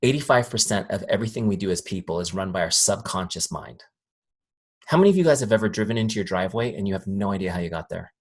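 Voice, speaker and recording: Male trainer, husky voice, energetic and chatty, talks to a live room. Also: deep voice, fast talker. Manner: lively, acts out quoted voices, asks audience questions. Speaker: sales trainer.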